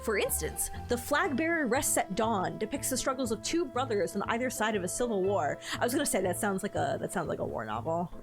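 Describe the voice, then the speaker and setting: A woman's voice: medium pitch, expressive, fairly quick, few pauses, over music. A woman streamer reading a book from a game aloud to her chat, breaking off for playful asides.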